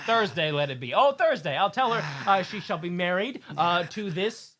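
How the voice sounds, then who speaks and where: A man's voice: high voice, animated, moderate pace, pushed and bright, slight background noise. A man playing a blustering older nobleman and father in a comedic table read, stumbling theatrically through his lines.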